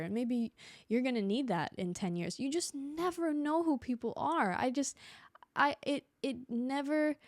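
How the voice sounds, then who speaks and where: A woman's voice: on the high side, darkish tone, no room sound. Chatty woman telling stories, dry close sound. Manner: chatty storytelling with quick restarts and quoted voices. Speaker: podcast host. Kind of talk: casual solo podcast monologue. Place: home room.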